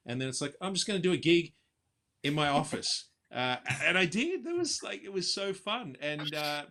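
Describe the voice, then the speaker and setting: Male impersonator, chatty interview guest on a video call, bright tone. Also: fairly high pitch. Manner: chatty, quick laughs, drops into voices. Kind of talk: casual interview chat.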